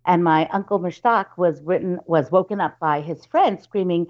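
A woman's voice: on the low side, moderate pace, few pauses, a little mellow, muffled recording. A woman telling a spooky family story in casual chat, with plenty of fillers and restarts, and acting out her relatives' lines. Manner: chatty, many fillers and restarts, acts out relatives' voices.

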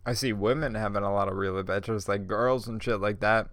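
A man's voice: lowish voice, steady tone, brisk, few pauses, a bit bright, no room sound, clean studio sound. A man hosting a podcast alone, stoned, rambling in a laid-back, profane way and laughing often. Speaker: podcast host.

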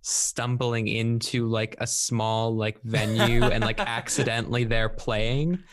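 A man's voice: mid-range voice, fairly even intonation, slow, dry recording, clean studio sound. A man co-hosting a casual music podcast, searching for words and musing hesitantly with many ums and likes. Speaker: podcast co-host.

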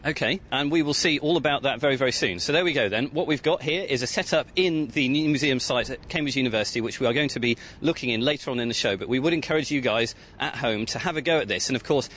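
A man's voice: quick pace, few pauses, a bit bright. A man reporting live outdoors for a radio science show, upbeat as he talks with children on site. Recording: outdoor report with faint rumble.

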